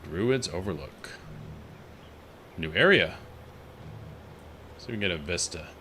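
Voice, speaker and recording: A man streaming a fantasy game, giving relaxed, chatty commentary with wry asides. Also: low voice, slow, slight background noise. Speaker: gaming streamer. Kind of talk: casual gameplay commentary.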